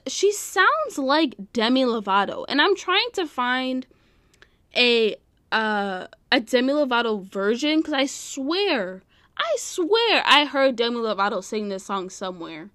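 A woman's voice: a little high, sing-song, unhurried, a bit bright, no echo, clean studio sound. A young woman hosting a casual solo podcast, rambling and giggling, full of fillers. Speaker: podcast host.

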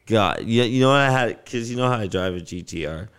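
Animated, swearing man, smooth voice. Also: fairly low pitch, a little fast. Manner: animated storyteller, swears a lot, acts out quotes. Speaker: podcast co-host. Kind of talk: casual chat.

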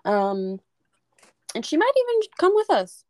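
A young woman co-hosting a podcast over a remote call, animated and swearing freely in casual chat. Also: high-pitched, a little slow, dry recording. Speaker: podcast co-host.

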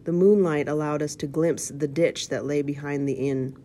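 A woman reading a children's storybook aloud, steady with occasional slips, calling out page numbers. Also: low-pitched, moderate pace, slight background noise. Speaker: reader.

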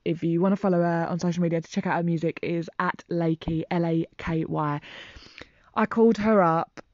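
A woman's voice: lowish voice, fairly even intonation, fairly quick, a little mellow, no echo, lo-fi sound. A woman telling a personal story to her vlog audience in a rambling, heartfelt and emotional way. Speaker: vlogger. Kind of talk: casual storytelling to camera.

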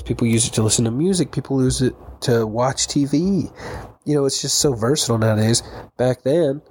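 A man's voice: medium pitch, darkish tone, slightly rough. A young man hosting a solo podcast, chatting loosely and rambling, swearing freely and laughing at himself. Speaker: podcast host. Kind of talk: casual solo podcast chat.

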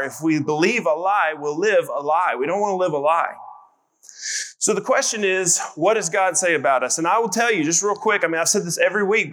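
A man's voice: a little high, fairly bright tone. A man preaching a sermon in a conversational, emphatic way, calling on his congregation to answer. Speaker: pastor.

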